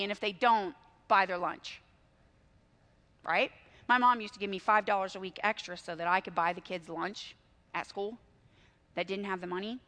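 Woman preacher, high voice, gets loud then drops low, sermon vibe. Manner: emphatic storytelling with swings in volume.

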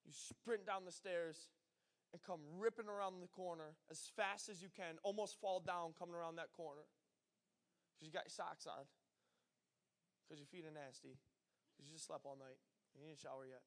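Brief: young male preacher, high voice, lively storyteller, animated sermon delivery. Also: moderate pace, long pauses. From northern US. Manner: energetic storytelling, acts out quoted voices.

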